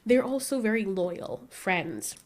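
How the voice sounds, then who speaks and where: Young woman vlogger, casual and animated, laughs through her stories, mid-pitched voice. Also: slow pace. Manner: animated storytelling, acts out quotes with laughs. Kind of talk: casual chat.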